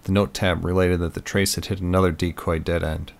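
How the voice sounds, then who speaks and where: A man narrating a first-person thriller story in a steady, measured reading voice. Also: sits low, gravelly. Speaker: audiobook narrator.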